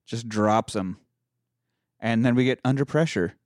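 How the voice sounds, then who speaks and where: A man recapping a film's plot in casual chat, animated and crude. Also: medium pitch, measured pace, no echo, studio quality. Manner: animated storytelling with crude humor. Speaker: podcast host recapping a film.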